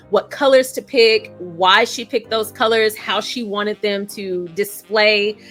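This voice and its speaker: A woman with a high, bright, forceful voice talks through a show review. She is chatty and animated and laughs through her stories. Soft music plays faintly behind her. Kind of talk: casual review and storytelling.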